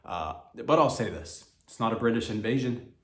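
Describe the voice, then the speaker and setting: A man hosting a comedy podcast, rambling through a loose monologue, cursing freely and jumping into mock voices and loud outbursts. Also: fairly low pitch, lively intonation, normal speed, roomy sound.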